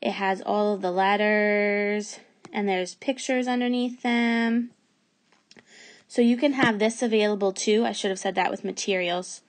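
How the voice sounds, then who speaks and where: Slow, patient woman teacher sounding out letters. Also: mid-range voice, level tone. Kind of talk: remote phonics lesson for young children.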